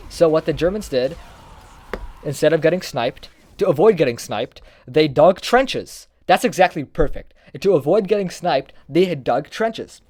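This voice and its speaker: Brief: young male gamer, animated, rambling explainer, slightly high voice. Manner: rambling, animated, self-correcting. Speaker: gaming YouTuber. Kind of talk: casual history explainer over gameplay.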